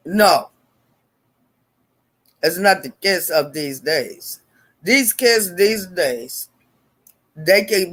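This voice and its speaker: Greeting viewers by name on her live stream, an older woman chats in a blunt, profane way and laughs frequently. Her voice is medium-pitched with a slightly bright tone.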